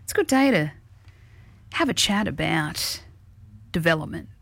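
A woman co-hosts a breakfast radio show with a slightly low voice. She chats in a casual, animated way, full of fillers, and the studio sound is dry and close. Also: measured pace, creaky, no room sound. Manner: chatty, animated storytelling with fillers.

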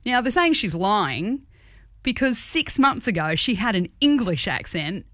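Brief: woman, breakfast radio co-host, lively swooping delivery, very dry close studio sound, teasing and chatty. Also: mid-range voice, no echo. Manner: chatty, teasing, quick to laugh. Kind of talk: casual radio banter. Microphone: studio radio mic.

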